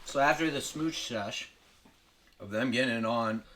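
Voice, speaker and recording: A man's voice: mid-range voice, a little slow, bright, forceful tone, slight background noise. A young man recapping a movie comedically, rambling and swearing with lots of filler words.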